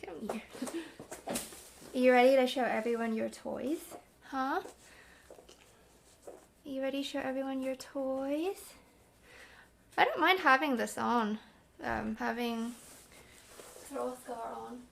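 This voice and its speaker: Young woman on a webcam at home, slow unhurried talk, praising her dog and giving commands. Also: sits high, steady tone, creaky, slight background noise. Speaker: dog owner hosting an online dog party. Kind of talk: casual chat on a video call.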